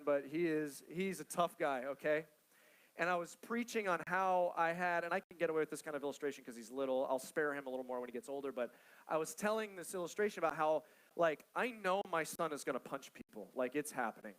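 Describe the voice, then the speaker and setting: Man, thirties, pastor, sermon to staff, slightly high voice, conversational, storytelling, says "okay?" a lot. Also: a bit bright, clean tone, rough recording.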